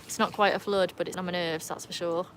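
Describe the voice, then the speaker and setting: Fast-talking and fairly low-pitched with little variation in pitch, a livestream host chats casually and greets viewers by name from her home with a pool. Her accent mixes Birmingham and North Wales English, reflecting roots in England and North Wales; the audio is poor with slight background noise.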